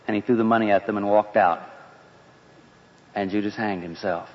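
A man's voice: on the low side, steady tone, normal speed, slight background noise. A man telling a dramatic story in the first person, in an earnest, conversational way. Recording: dull lo-fi with long reverb.

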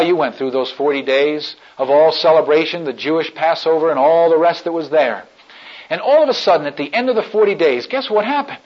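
A male preacher telling a story in a sermon, swinging between hushed and loud delivery. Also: on the high side. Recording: dull lo-fi recording.

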